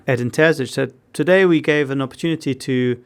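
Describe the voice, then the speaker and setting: A man talking football analysis in a measured way, with some fillers. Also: mid-range voice, clean tone. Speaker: football pundit. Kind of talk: casual chat.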